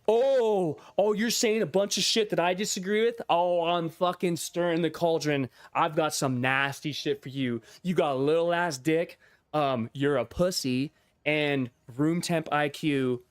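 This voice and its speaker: A man's voice: on the high side, fairly even intonation, measured pace, clear, resonant tone, no room sound, close to an everyday voice. A man putting on the voice of a smug, crude male internet troll who throws insults. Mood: mocking.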